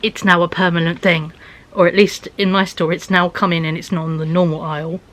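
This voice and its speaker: A woman's voice: fairly low pitch, little pitch movement, a little fast, fairly bright tone, low-quality recording. A young woman vlogging in a rambling, casual chat, often dropping to a near-whisper.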